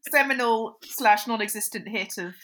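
Woman co-host, somewhat high and bright, wry casual asides. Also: normal speed, rough recording. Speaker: podcast co-host. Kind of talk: casual chat.

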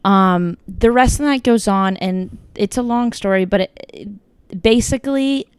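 Young woman, chatty storyteller, filler-heavy and animated in quotes; clean, dry read. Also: medium pitch, measured pace, clean tone, no room sound. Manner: chatty, lots of "like" and "kinda", quoting others in lively bursts. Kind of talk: casual storytelling chat.

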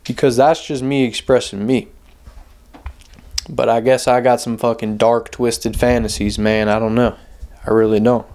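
Young guy on his podcast, rambles a lot, swears constantly, says like and man every few words, mid-pitched voice. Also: flat delivery, normal speed, darkish tone. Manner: rambling, profane, heavy on "like" and "man". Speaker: podcast host. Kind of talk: casual monologue.

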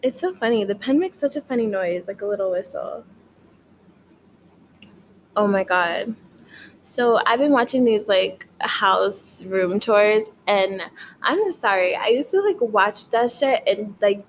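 Sitting in her bedroom at home, a tired but wired young woman chats loosely for a late-night vlog, cursing and using "like" as constant filler. She takes her time in a mid-range voice. The recording is rough, with slight background noise.

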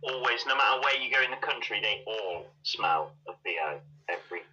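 Man, player, joking banter, very bright voice, muffled sound. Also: lowish voice, expressive, a little fast. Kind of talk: casual tabletop play. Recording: muffled, faint background noise.

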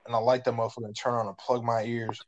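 A young man talking loosely and profanely in a casual chat. He rambles through his stories with lots of slang, and his voice sits at an ordinary middle pitch. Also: little pitch movement, racing, dull audio.

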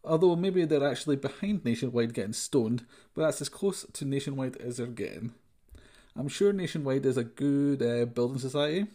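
A man's voice: medium pitch, lively intonation, moderate pace, mellow. Male podcaster; sarcastic, rambling comic ranter. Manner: sarcastic, rambling, many fillers. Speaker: podcast host. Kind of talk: comic ranting monologue.

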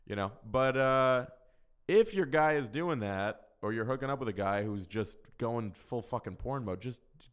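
A man's voice: mid-range voice, animated, moderate pace, clean tone. A man hosting a solo podcast, answering listener questions in casual chat, talking frankly and profanely with a rambling, loose flow. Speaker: podcast host.

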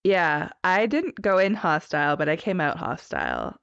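A woman co-hosting a podcast in casual chat, chatty and quick to laugh. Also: sits low, wildly swooping pitch, gravelly, fairly bright tone, slight background noise. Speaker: podcast co-host. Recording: dull, lo-fi dry recording.

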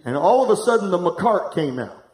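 A middle-aged pastor preaching live to a congregation, candid and humorous, telling a personal story and speaking to the room directly. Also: male voice, sits high, very animated, normal speed, a little mellow. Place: church hall, live before a congregation. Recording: echoey room.

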